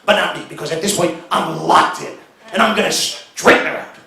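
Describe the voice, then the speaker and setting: A middle-aged man doing a stand-up comedy routine, telling a story and acting out shouted arguments. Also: a little high, fairly quick, vocal fry. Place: stage before a live audience. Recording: roomy live venue sound.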